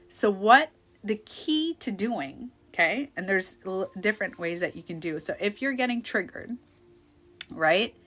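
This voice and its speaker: A woman in her thirties, a life coach chatting casually on a phone live stream, animated and blurting out loud quoted outbursts. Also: on the high side, moderate pace.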